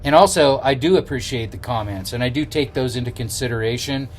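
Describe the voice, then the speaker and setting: A man's voice: medium pitch, fairly quick, slight background noise. A middle-aged man chatting casually to camera outdoors as a travel vlogger, rambling with many fillers and restarts. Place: outdoors on the road.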